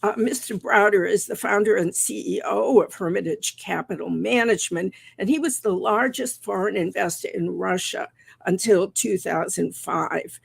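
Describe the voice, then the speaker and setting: Gravelly older woman hosting an interview. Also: medium pitch, no room sound. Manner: measured, with frequent "uh" fillers. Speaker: host, newspaper columnist. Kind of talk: live online interview.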